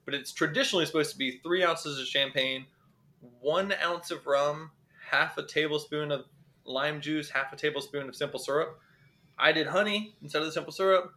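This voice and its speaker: A man from North Carolina co-hosts a casual podcast, dropping dry, deadpan jokes. His voice is bright and a bit higher than most. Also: moderate pace. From North Carolina, USA. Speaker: podcast co-host.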